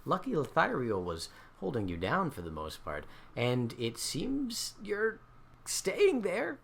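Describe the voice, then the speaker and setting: A man running a tabletop game as dungeon master, narrating with animated swings between hushed and loud delivery. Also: fairly high pitch, takes it slowly, vocal fry, slightly rough.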